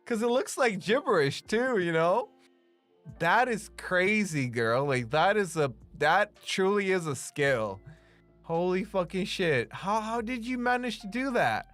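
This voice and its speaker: A relaxed live streamer talks with viewers while drawing, in an unhurried and clean, resonant voice. The talk is loose and full of "like," with quick laughs and casual swearing. Faint music plays quietly under the voice. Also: mid-range voice. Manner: chatty, laughs often, swears freely, fills with "like". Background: faint background music.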